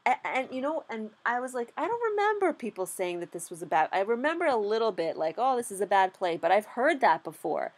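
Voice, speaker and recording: A young adult woman giving a casual vlog recap as a beginner stock trader, animated and candid, with lots of "like" and frequent swearing. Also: fairly high pitch, a little fast, hardly any pauses, slightly rough.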